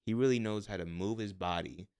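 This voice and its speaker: A man co-hosting a podcast in casual chat, joking and stammering when excited. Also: lowish voice, fairly quick. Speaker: podcast co-host.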